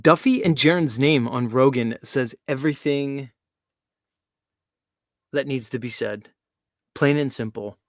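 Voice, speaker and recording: A man's voice: medium pitch, a little slow, long pauses, no room sound. A man hosting a show, talking casually in a mocking, rambling way. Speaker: host. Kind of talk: casual livestream talk.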